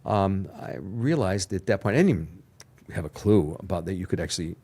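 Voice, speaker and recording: An older man with a fairly low voice, a guest in an interview. He tells his story with energy and acts out the other people's lines. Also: expressive, fairly quick, dark tone, breathy edge. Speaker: TV producer, podcast guest.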